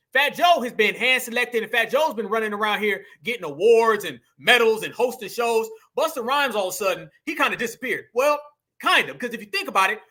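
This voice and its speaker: A man's voice: extremely high pitch, pushed and bright. A man hosting a commentary channel, heated and mocking, who keeps calling his listeners "family". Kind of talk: opinionated commentary.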